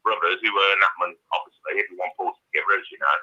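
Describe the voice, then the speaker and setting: A man's voice: low-pitched, fairly even intonation, racing, pushed and bright, slightly rough, muffled recording. A man calling in by phone to a live chat, ranting furiously and swearing constantly. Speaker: caller. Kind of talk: angry call-in rant. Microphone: phone call.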